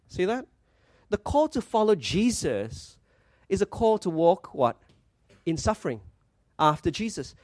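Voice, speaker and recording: A male pastor preaches earnestly, stopping to ask rhetorical questions and to quote scripture. His voice sits high for a man. The sound is dry and close, with no room around it. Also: sing-song, moderate pace, no room sound. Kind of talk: sermon.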